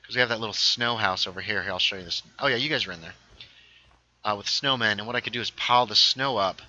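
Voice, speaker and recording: A man's voice: on the low side, fast, pushed and bright, dull audio. A man hosting a casual gaming livestream, thinking aloud as he builds and reading viewer chat aloud. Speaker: livestream host.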